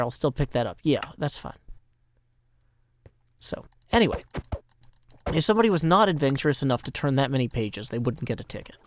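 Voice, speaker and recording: A man's voice: on the high side, creaky, a little hiss or hum. A man from Nashville with a Southern US accent, chatting playfully as host while explaining a game he built. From Nashville, Tennessee. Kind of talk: game commentary.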